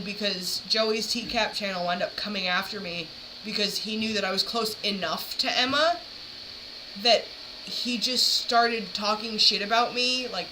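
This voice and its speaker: A woman chatting casually as she reacts to clips, rambling and stacking fillers as she goes. Her voice sits at a middle pitch. The recording carries audible background noise. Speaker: streamer reacting to videos. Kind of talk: casual chat.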